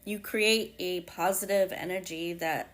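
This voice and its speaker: A woman with a New England accent hosting her own podcast, reflecting in a casual, halting way with many fillers and restarts. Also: on the low side, steady tone, a bit bright. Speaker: podcast host.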